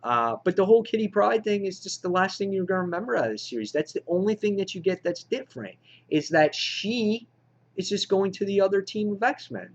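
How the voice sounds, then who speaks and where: A man's voice: high voice, expressive, fairly quick, muffled recording. A man reviewing comic books in a casual, rambling way with many fillers, sounding frustrated.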